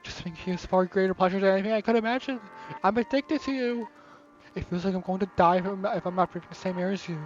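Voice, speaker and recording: A man voicing an obsessive, intense teenage girl, reading her lines low and soft in a dull, lo-fi recording. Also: fast talker, faint music behind, natural voice.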